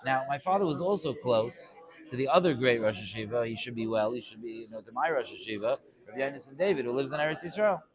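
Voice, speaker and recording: A man giving an informal Torah class to a live audience, conversational and acting out quick bits of dialogue. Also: mid-range voice, crowd noise.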